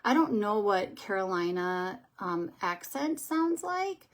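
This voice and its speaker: A woman's voice: mid-range voice, sing-song, slow pace. A woman chatting casually on a livestream as she does her makeup, telling rambling stories as she goes. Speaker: makeup artist and livestream host. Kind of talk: casual livestream chat while doing makeup.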